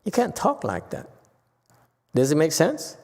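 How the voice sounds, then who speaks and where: A man's voice: a little high, wildly swooping pitch, unhurried, darkish tone. A man teaching as a Buddhist master in a Dharma lecture, teasing and blunt with his listeners and laughing often. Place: temple lecture hall. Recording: long hall reverb.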